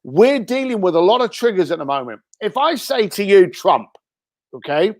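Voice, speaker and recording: Animated high-voiced British man. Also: moderate pace, dry recording, studio quality. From Britain. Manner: animated, acts out quoted speech. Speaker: guest. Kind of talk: casual interview advice.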